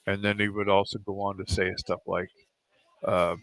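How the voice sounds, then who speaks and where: A man's voice: fairly low pitch, little pitch movement, moderate pace, pauses often, fairly bright tone. A man giving casual live commentary on a pool match in a pool hall, laid-back and chatty, drifting into rambling anecdotes with chuckles.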